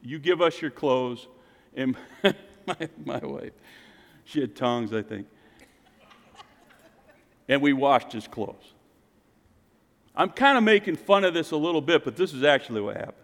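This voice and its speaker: A middle-aged man preaching a sermon and telling a personal story, swinging from loud, lifted lines to hushed, quiet ones. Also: medium pitch, expressive, a little slow, vocal fry, pauses often. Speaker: pastor. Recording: long hall reverb.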